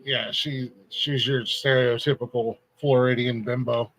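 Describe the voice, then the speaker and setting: A man's voice: mid-range voice, flat delivery, measured pace, fairly bright tone, a little hiss or hum. A man hosting a podcast in casual banter, teasing his co-host and laughing often.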